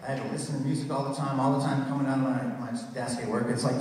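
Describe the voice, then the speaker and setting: A man's voice: medium pitch, racing. A man in his thirties doing a crude, rambling stand-up comedy set on a theater stage. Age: 30s. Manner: crude, rambling storytelling with many put-on voices. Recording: echoey hall, from far off.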